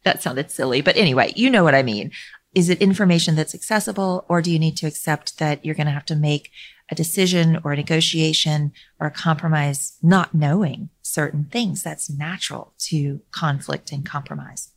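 A middle-aged woman hosting a podcast, telling a story in a calm, measured way that sinks to a near-whisper for emphasis, with light laughs. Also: low voice. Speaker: podcast host. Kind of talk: reflective storytelling monologue.

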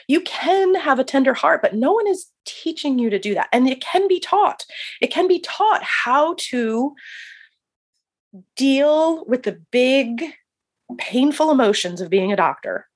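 Woman chaplain guest, husky, animated storyteller, laughs easily. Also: high voice, unhurried. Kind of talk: casual podcast interview.

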